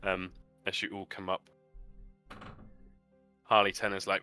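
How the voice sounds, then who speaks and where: A man narrating as game master, lively and laughing, voicing the characters himself. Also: low voice, unhurried, clear, resonant tone, soft background music.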